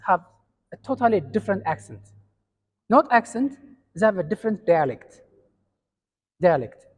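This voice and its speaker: Long hall reverb surrounds this lecture by an Ethiopian man whose voice sits high and sounds a little mellow. Speaking with an Ethiopian accent, he explains things step by step in class, with fillers and restarts along the way.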